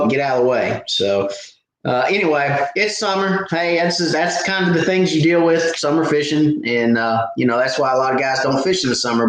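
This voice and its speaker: A man hosting a live fishing Q&A stream, telling stories casually with lots of fillers and restarts. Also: a little high. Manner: rambling storyteller with many fillers and restarts. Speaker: fishing channel host. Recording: very echoey room.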